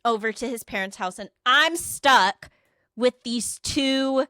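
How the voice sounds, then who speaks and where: Bright-voiced woman telling a story. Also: a little high, slow, smooth, no echo, clean studio sound. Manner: profane, animated retelling with quoted dialogue. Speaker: podcast co-host. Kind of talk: casual storytelling chat.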